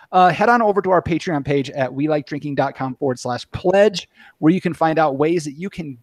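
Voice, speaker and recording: A man's voice: a little high, dry recording, clean studio sound. A man hosting a casual podcast, chatty and full of filler words. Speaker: podcast host.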